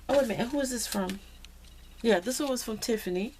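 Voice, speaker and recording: A crafting vlogger unboxes handmade cards in a casual happy-mail video, speaking quickly in a slightly high, slightly rough voice. She gushes with excitement and says "y'all."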